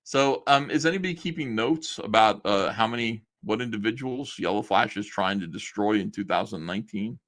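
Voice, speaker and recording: A man's voice: on the low side, brisk, few pauses, fairly bright tone. A man casually reading old messages aloud on a stream and mocking them with a sarcastic, laughing manner. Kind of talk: casual commentary on a live stream.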